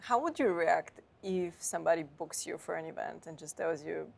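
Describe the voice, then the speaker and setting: A woman's voice: lowish voice, expressive, normal speed, vocal fry, hardly any pauses, darkish tone. A woman hosting a podcast interview, asking short questions and laughing easily. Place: live event booth.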